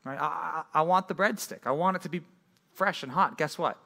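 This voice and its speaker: A young man, a youth pastor, giving a casual sermon to a junior high group, telling a rambling personal story full of fillers before turning to a prayer. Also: fairly quick, creaky, bright, forceful tone.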